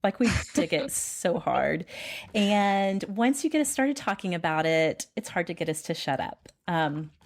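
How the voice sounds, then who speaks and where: Low-voiced woman hosting a podcast. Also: expressive, unhurried. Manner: warm, encouraging, chatty. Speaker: podcast host. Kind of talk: casual podcast interview.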